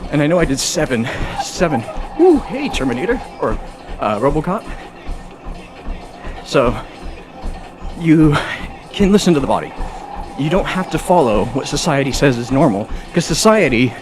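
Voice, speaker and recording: A man ranting casually and a bit preachily while gaming on a treadmill. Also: mid-range voice. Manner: talkative, preachy, rambling; exercising on a treadmill while talking. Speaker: gaming streamer. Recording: music clearly behind.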